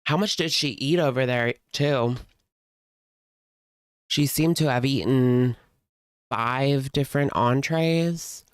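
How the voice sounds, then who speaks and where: A woman's voice: extremely low pitch, takes it slowly, long pauses, clean tone, no room sound. A woman hosting casual reaction commentary, chatty and sarcastic, leaning on "like" as she talks close to the mic at home. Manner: sarcastic, chatty, heavy use of "like". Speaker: commentary host.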